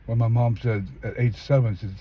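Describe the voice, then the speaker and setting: An older man from California, brisk and fairly even in intonation, delivers emphatic street-interview testimony while performing the voices he quotes, often jumping high. Faint traffic comes through the dull lo-fi sound.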